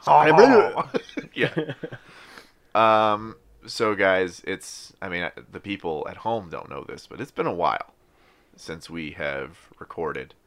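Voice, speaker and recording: A man's voice: sits low, a little slow, bright, forceful tone. A man hosting a casual podcast, talking in a wry, rambling way with offhand swearing. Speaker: podcast host.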